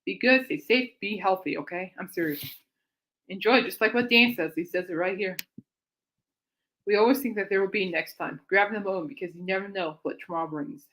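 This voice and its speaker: Brisk and fairly bright, this woman's mid-range voice carries her own music chat show. She talks casually and at length, laughing frequently, running herself down in jest and easily losing the thread.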